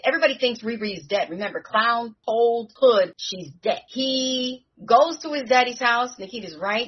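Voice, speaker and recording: Woman, podcast co-host, casual recap chat, husky voice, animated storyteller, muffled lo-fi sound. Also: mid-range voice. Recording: dull lo-fi recording.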